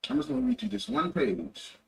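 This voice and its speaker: Gravelly young man telling stories. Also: high-pitched, wildly swooping pitch, fairly quick, darkish tone. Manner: rambling, loose, self-correcting. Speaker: livestreamer. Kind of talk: casual storytelling. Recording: distant mic with faint ambient noise.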